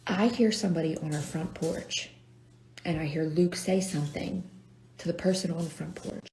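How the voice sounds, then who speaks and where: A woman's voice: lowish voice, normal speed, warm tone. A woman telling a self-deprecating story to camera as a lifestyle vlogger. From North Carolina, US. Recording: echoey room.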